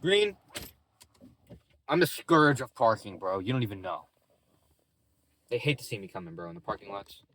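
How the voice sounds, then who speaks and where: A man's voice: lowish voice, very animated, moderate pace, long pauses, a bit bright, a little hiss or hum. A young man vlogging from his parked car in a parking lot, chatting loosely and casually, full of "bro" and "like". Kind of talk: casual rambling vlog chat.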